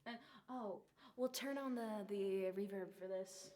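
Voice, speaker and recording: A woman's voice: medium pitch, a little slow, darkish tone. A woman streamer chatting casually between songs, apologetic and giggly, on a studio condenser microphone. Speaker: streamer and singer.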